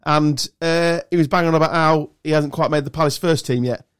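Thirties male podcast host, jokey and sweary, slightly high voice, dry close sound. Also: steady tone, fairly quick, a bit bright, clean tone, no echo. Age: 30s. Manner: swearing, jokey, mock-tough impressions. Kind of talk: casual banter among friends.

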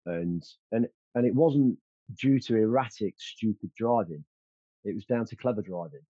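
A man's voice: lowish voice, normal speed, warm tone, slightly rough, no echo, dull audio. A man telling stories as an interview guest, confident and boastful, with many fillers and restarts. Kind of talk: casual storytelling.

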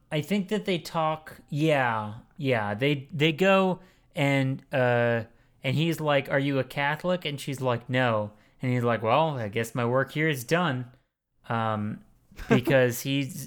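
Guy on a movie podcast, rambly and jokey, smooth clear voice. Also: mid-range voice, a bit bright. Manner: rambling, jokey, quick asides with crude words. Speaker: podcast co-host. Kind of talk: casual movie-review chat.

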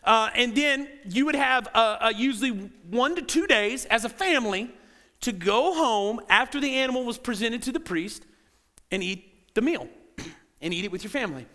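A man preaches from the front of a church in an animated, conversational way. His voice sits very high for a man and rings bright and forceful. He slips into quick acted voices to bring the story to life. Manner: animated, acts out quoted voices. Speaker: pastor. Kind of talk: sermon. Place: church sanctuary.

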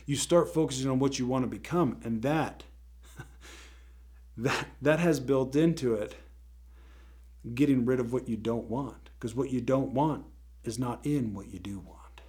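Emphatic man teaching, mid-pitched voice. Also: a little slow, pauses often, warm tone. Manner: conversational and emphatic, often checks in with "right?". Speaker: host of a faith-based teaching show. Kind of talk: motivational faith teaching.

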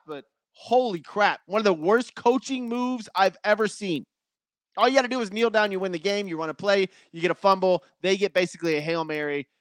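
Solo sports host, man, high energy, high-pitched voice. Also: no room sound. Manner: energetic, chatty, laughs at his own takes.

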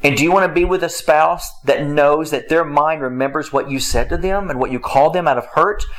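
A man's voice: fairly quick, low-quality recording. Emphatic man giving a marriage talk. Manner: emphatic, repeats phrases, swings pitch up and down. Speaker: marriage teacher. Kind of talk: faith-based marriage talk.

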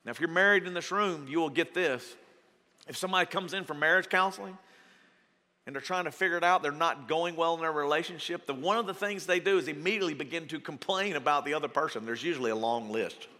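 A man preaching a folksy, joking sermon to his congregation in a large church hall, acting out quoted voices with big jumps in pitch. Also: fast, bright, forceful tone. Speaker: pastor. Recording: long hall reverb.

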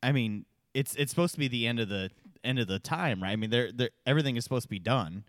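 A man's voice: medium pitch, animated, quick pace, no echo, studio quality. A man co-hosting a beer podcast, arguing his point in casual chat, often stumbling and repeating words. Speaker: podcast co-host.

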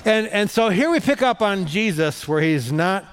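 A middle-aged male pastor preaching a sermon in a conversational, animated storytelling manner. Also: high-pitched, moderate pace, slight background noise.

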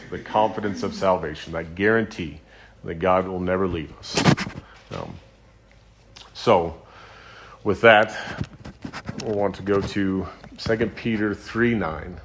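A man preaching a sermon in a very low, deep voice. He talks plainly and earnestly, with ums and restarts as he goes. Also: unhurried, noisy background. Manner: conversational, with frequent ums and restarts; retells scripture stories in a low, earnest voice.

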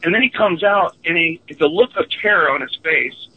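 A man guest telling an earnest, halting personal story with many fillers. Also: a little high, animated, husky. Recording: phone line.

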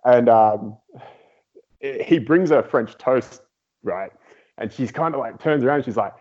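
A man's voice: medium pitch, measured pace, pauses often. A man on a podcast telling a funny story, acting out what people said. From outside the United States. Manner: animated storyteller, acts out quotes. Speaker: podcast guest. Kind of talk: casual storytelling. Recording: dull lo-fi audio.

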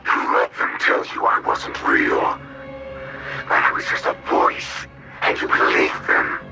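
Brief: a menacing monster, distorted voice, film clip over loud music. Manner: slow, taunting and menacing. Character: malevolent monstrous entity, menacing. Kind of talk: horror film dialogue.

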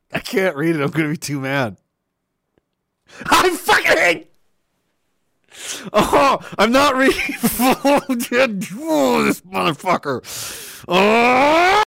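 A man telling a story in a casual rant, animated, swearing and laughing often. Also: high-pitched, gravelly, no echo, clean studio sound.

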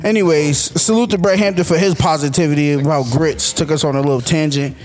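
A man co-hosting a podcast, chatting casually, playful and loud, swearing freely. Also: on the high side, fast talker. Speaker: podcast co-host. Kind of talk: casual chat.

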